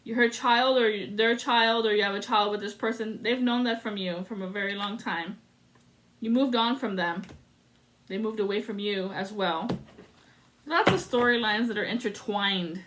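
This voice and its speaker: A woman's voice: mid-range voice, moderate pace, fairly bright tone, slight background noise. A woman giving a solo spiritual card reading to camera, dramatic and sassy, with salty asides. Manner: dramatic and sassy, swearing and breaking into sung lines. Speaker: tarot reader.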